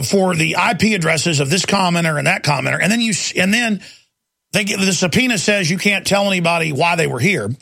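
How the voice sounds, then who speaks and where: A man's voice: sits high, gravelly, pushed and bright, dry recording, studio quality. A man hosting a call-in radio talk show, speaking in an intense, rambling, emphatic way.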